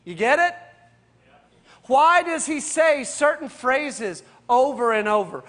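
A pastor with a strikingly high voice for a man, leading a Bible study class. He asks question after question, repeats his main points, and talks to his listeners like a friendly teacher. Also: animated, measured pace, a bit bright. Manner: addresses listeners directly and casually.

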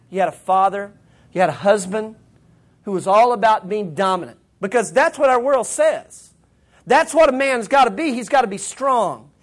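Conversational male pastor preaching. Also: sits high. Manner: conversational, retells scripture in everyday slang. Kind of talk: sermon.

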